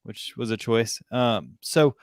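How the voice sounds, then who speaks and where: Male analyst, mid-pitch, dry close sound, talks through stats with ums. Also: slow pace, clear, resonant tone, dry recording. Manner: explains stats with frequent ums and self-corrections. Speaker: college football analyst. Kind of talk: casual podcast analysis.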